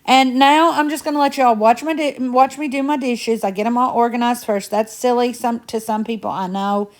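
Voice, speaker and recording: A talkative woman whose Southern US drawl drifts in and out of a Midwestern lilt. She speaks with a slightly higher voice, rambling and folksy as she chats her way through household cleaning, addressing viewers warmly as y'all. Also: fairly even intonation, moderate pace. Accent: Southern US twang mixed with Midwestern. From Indiana, USA. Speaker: home cleaning vlogger. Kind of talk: casual chatty narration while cleaning.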